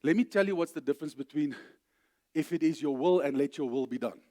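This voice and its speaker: Emphatic South African pastor preaching. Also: male voice, brisk. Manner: emphatic, rising to loud declarations then dropping low. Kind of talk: sermon. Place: church.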